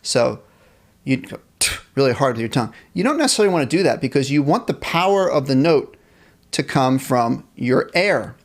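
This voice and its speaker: A man's voice: medium pitch, big pitch swings, moderate pace. A man teaching a live-streamed band lesson, explaining instrument technique, reading viewers' chat and counting off rhythms for them to play along. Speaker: music teacher.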